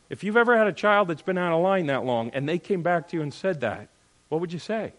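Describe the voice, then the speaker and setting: A man preaching in a conversational Bible-teaching style, animated and direct, swinging between loud and hushed and often checking in with "all right?". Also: high-pitched, fast. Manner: talks straight to listeners with frequent "all right?".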